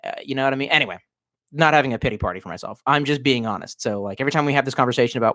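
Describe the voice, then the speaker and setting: A man's voice: medium pitch, racing, bright, forceful tone, dry recording, studio quality. A man in his thirties, a bit drunk, ranting on a livestream from his cramped bedroom in a rambling, profane, sardonic way. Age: 30s. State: tipsy. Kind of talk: casual livestream rant.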